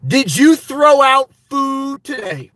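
A man hosting a live stream, reading chat and telling a story in a loud, animated way, swearing often. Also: very high voice, slow pace, no echo. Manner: animated, loud, swears a lot, repeats himself. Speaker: livestream host reading chat. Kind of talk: casual livestream rant.

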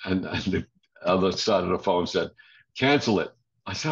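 A man's voice: low-pitched, animated, normal speed. An older man, a drummer guest in an interview, telling stories animatedly, acting out quoted voices and laughing often. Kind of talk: casual interview storytelling. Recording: dull lo-fi audio.

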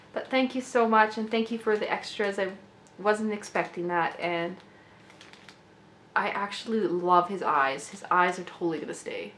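Woman vlogger, gushy and excitable, slightly rough throat, roomy echo with faint hiss. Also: mid-range voice. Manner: gushing, excitable, laughs often. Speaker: doll collector vlogger. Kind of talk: casual unboxing vlog. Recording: echoey room with faint noise.

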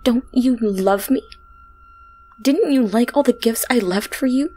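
A woman's voice: on the high side, unhurried, darkish tone, faint music behind, voice pushed up, low-quality recording. A woman voicing an obsessive young woman stalker who talks in a sugary, doting, pleading way.

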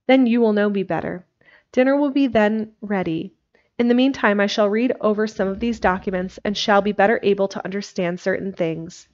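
A woman voicing a grave, gentle male Victorian doctor, speaking in a solemn, measured way over a dull lo-fi recording. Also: medium pitch, close to an everyday voice. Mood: earnest.

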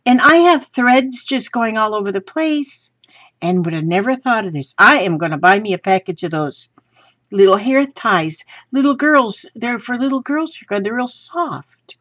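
Slow, husky woman gushing over mail. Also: fairly high pitch, no echo. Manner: gushing and excitable, talks to viewers while handling items. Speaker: craft vlogger. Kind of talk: casual unboxing chat. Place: home craft room. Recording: slightly dull lo-fi sound.

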